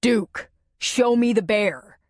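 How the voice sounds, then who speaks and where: A woman narrator voicing a steady, protective grown man with a firm, commanding way of talking in an audiobook. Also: on the low side, moderate pace, husky, no room sound, studio quality. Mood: urgent. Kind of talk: audiobook character voice.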